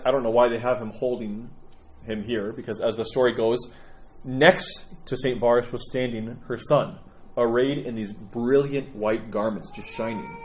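A middle-aged man leads a storytelling lesson and retells a saint's legend in an animated way, with many fillers. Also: mid-range voice. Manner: animated, with frequent fillers and restarts. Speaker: religious teacher.

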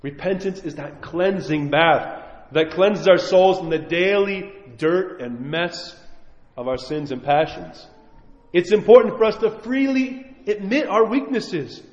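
A man's voice: high-pitched, lively intonation, measured pace. A man preaching a sermon as a priest, earnest and pleading, with a chuckle now and then. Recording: muffled echoey hall recording.

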